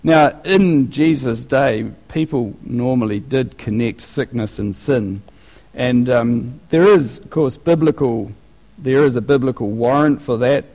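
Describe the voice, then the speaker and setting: A man delivers a sermon with lively, conversational energy, stopping and restarting his phrases as he works through his point. His voice sits at an ordinary middle pitch and carries a long reverb, as if preaching in a large church hall. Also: unhurried. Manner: animated, conversational, with frequent restarts.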